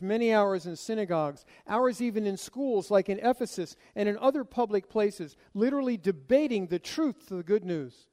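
A man's voice: high-pitched, mellow, big-room sound. A man preaching an expository sermon, emphatic and full of rhetorical questions he answers himself.

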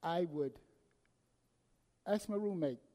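A man preaching a sermon, swinging between loud emphasis and hushed, quiet passages. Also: a little high, slow pace. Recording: long hall reverb.

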